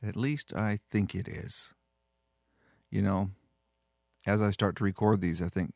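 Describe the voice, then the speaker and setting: A man's voice: on the low side, fairly even intonation, a little slow, vocal fry, pauses often, a little mellow, no echo, clean studio sound. An older man with grandchildren, chatting in an easygoing way before reading his story. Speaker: story contributor. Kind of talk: casual chat.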